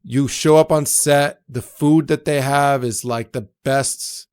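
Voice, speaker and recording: A young man, a guest in a casual interview, telling animated stories and acting out other people's voices, with lots of fillers. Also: mid-range voice, slow, clear, resonant tone. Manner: animated, acts out quoted voices, many fillers. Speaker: actor and entrepreneur, guest.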